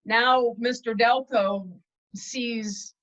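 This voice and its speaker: A woman's voice: a little high, steady tone, very slow, fairly bright tone. A woman guest telling her story candidly in a casual interview, over a dull lo-fi video call. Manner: chatty, candid, self-deprecating.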